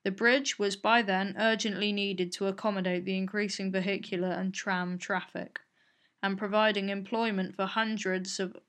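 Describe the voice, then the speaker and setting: A woman's voice: medium pitch, little pitch movement, a bit bright. A woman presenting an educational video in scripted narration, reading figures out evenly. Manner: measured, reads out figures evenly.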